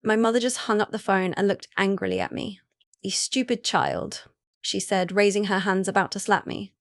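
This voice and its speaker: A woman narrating a first-person romance audiobook in an even, unhurried reading voice. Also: mid-range voice, no echo, clean studio sound.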